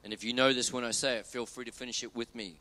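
Emphatic preacher man, bright voice. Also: medium pitch, level tone, fast talker. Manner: emphatic, repeats key phrases, urges "come on". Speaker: pastor. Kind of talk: sermon.

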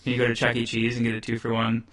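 A man co-hosting a comedic live podcast, trading quick joking comebacks. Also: mid-range voice, monotone, a bit bright, echoey room. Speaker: podcast co-host.

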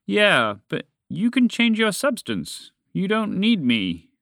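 A man's voice: medium pitch, expressive, very slow, sharp tone, smooth, no echo, studio quality, heavily acted. A man voicing a big, eager, blunt dragon in a children's story.

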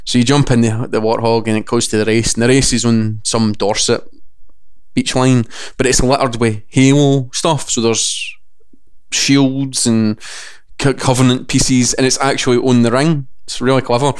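A man's voice: medium pitch, normal speed, clean tone. A Scottish man chatting casually, telling stories and acting out other people's voices in quotes. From Scotland. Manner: animated storyteller, acts out voices in quotes. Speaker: games journalist. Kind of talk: casual chat.

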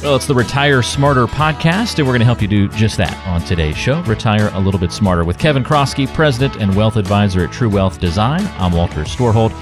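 A man's voice: on the low side, lively intonation, brisk, hardly any pauses, music in the background. A man co-hosting a podcast, chatting in an upbeat, easygoing way and bringing in the guest. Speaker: podcast co-host. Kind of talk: casual podcast chat.

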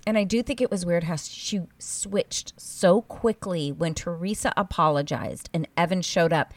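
A woman's voice: lowish voice, moderate pace, no room sound, distant mic. A woman co-hosting a casual reality TV recap, gossipy and acting out what others said. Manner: animated, gossipy, acts out quotes.

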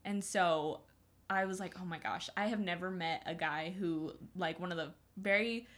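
A woman's voice: fairly low pitch, normal speed, a bit bright. Giggly, gushing young woman. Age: young adult. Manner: gushing, giggly, lots of fillers. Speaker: guest. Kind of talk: casual chat.

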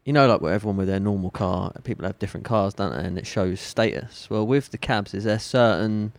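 Brief: London man hosting a podcast, relaxed and sweary, lowish voice. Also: fairly quick, dry recording. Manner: matey, swears casually, asks loose questions. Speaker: podcast host. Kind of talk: casual podcast chat.

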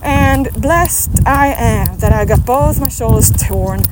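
A woman's voice: fairly high pitch, takes it slowly, heavy background noise. A woman fitness coach giving a rambling, emphatic motivational talk outdoors, asking many questions.

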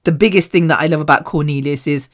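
Animated, chatty woman telling stories. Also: fast talker. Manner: animated and chatty, with frequent laughs and big swings in pitch. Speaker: podcast host. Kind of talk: solo personal storytelling.

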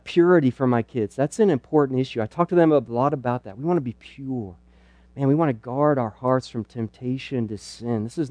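A man's voice: medium pitch, dark tone, dry recording. A middle-aged man teaching at a church parenting night, earnest and conversational with playful asides. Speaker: pastor speaking at a parenting night.

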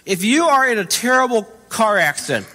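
A man's voice: extremely high pitch, very animated, brisk, sharp tone. A man pastor preaching a conversational sermon in a church, correcting himself as he goes and asking the viewers questions. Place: church with spaced-out pews. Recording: church service with long reverb.

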